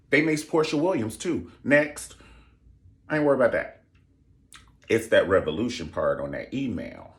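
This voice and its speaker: A young man vlogging casual commentary in a sassy, expressive way, swearing freely. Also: on the low side, moderate pace, pauses often.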